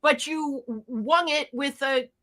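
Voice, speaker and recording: A woman's voice: sits high, unhurried, sharp tone. Female variety host, teasing and stammering through improv banter.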